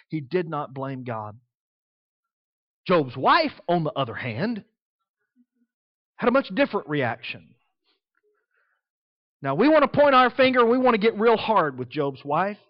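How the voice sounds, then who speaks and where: A man preaching a sermon in an emphatic way, swinging between soft and loud. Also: sits high, big pitch swings, measured pace, pauses often, dry recording, muffled recording.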